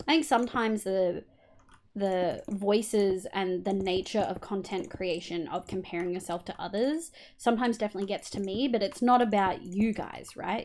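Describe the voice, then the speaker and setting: A young Australian woman with a medium-pitched, slightly dark voice streams herself playing a building game, with a bit of hiss or hum audible. She chats casually, swears freely and hums little sound effects as she builds.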